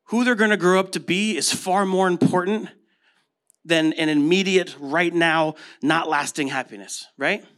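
A man's voice: a little high, normal speed, a bit bright. A man in his thirties with an American accent, preaching a casual sermon full of stories and rhetorical questions. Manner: conversational storytelling with rhetorical questions. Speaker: pastor.

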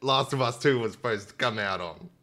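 A man's voice: medium pitch, a little fast, bright, forceful tone. A man hosting a gaming podcast, chatting casually and enthusiastically with lots of fillers. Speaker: podcast host. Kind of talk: casual chat. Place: home, streamed online. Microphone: internet stream with dropouts.

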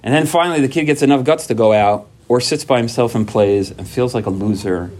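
At a recovery workshop, a man who is a parent gives a personal talk in a medium-pitched, brisk voice. He tells his stories with lively, animated energy and acts out quoted dialogue. He often repeats himself and restarts sentences.

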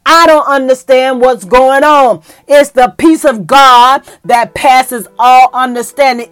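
High-pitched woman preacher, emotional and fervent, folksy delivery, soft music under her. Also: takes it slowly, hardly any pauses, clear, resonant tone. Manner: fervent, emotional, rising to excited peaks. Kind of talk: sermon.

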